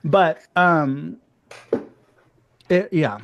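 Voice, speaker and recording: A man's voice: a little high, very slow, highs cut off. A man co-hosting a horror podcast, chatting casually and telling stories with jokes. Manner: chatty, jokey, animated storytelling with laughs. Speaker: podcast co-host.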